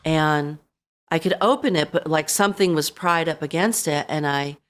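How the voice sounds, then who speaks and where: A middle-aged woman with a low voice, appearing as a podcast guest, recounts a painful personal story. She speaks haltingly, peppers her words with "you know," and re-enacts lines she once said.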